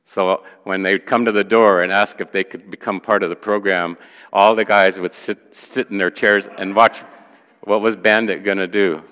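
Man, pastor, lower voice, sharp and bright, animated sermon storytelling, long hall reverb. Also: moderate pace, clean tone. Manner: animated storyteller who acts out quoted voices.

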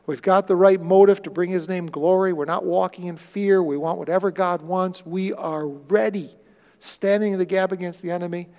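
High, gravelly-voiced preacher in a big hall. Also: male voice, fairly even intonation, normal speed. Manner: earnest storytelling, swings from loud bursts to quiet. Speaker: pastor. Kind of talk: sermon.

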